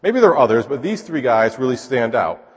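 A man preaching in a relaxed, conversational way, often putting rhetorical questions to his listeners. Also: mid-range voice, a little fast, breathy edge. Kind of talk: conversational sermon. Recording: long hall reverb.

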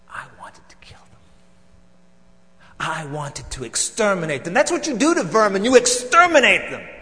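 A man performing a theatrical monologue as a bitter, vengeful temple council elder, moving between loud outbursts and hushed, seething lines. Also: high-pitched, in a large hall, exaggerated voice. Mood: indignant, vengeful.

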